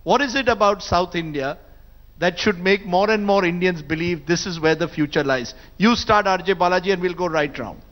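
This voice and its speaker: A man with a notably high voice runs a panel discussion. He puts brisk, pressing questions to his guests and keeps them moving. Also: a bit bright, low-quality recording. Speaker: moderator. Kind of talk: panel moderation.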